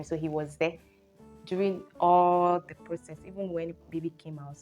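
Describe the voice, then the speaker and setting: Young nigerian woman, storytime vlogger, lowish voice, animated telling, faint guitar music behind. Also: normal speed. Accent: Nigerian English. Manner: animated storyteller, exclamations like oh and hey. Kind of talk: storytime vlog.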